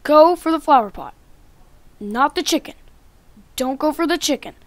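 A woman giving playful Minecraft gameplay commentary, trash-talking loudly one moment and muttering quietly the next. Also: high-pitched, lively intonation, moderate pace, dry recording. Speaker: gaming YouTuber.

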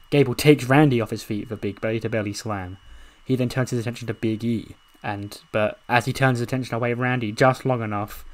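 A man narrating a wrestling management game in a casual, excited way, swearing and laughing as he goes. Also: mid-range voice. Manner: excited, swearing, laughing at his own story. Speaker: video game commentator.

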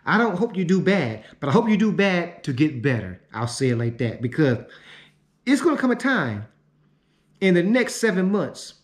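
A man delivering a profane, repetitive ranting monologue, swinging from shouting to muttering. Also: high voice, sing-song, normal speed. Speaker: online commentator. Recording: roomy echo.

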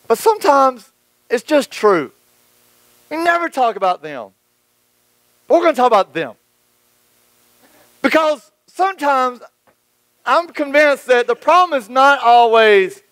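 High-voiced pastor preaching with big swings. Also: male voice, dry recording, poor audio. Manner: dynamic preaching with wide swings between hushed and raised delivery; acts out quoted voices of church folk and critics. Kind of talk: sermon.

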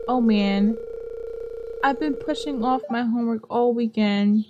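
A woman's voice: on the high side, unhurried, noisy background. A young woman giving casual, chatty commentary while playing a game, often scolding the characters on screen. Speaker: gameplay streamer.

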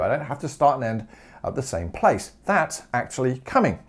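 A man teaching maths in a humorous video lesson, jokey and animated, firing off rhetorical questions. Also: mid-range voice, normal speed.

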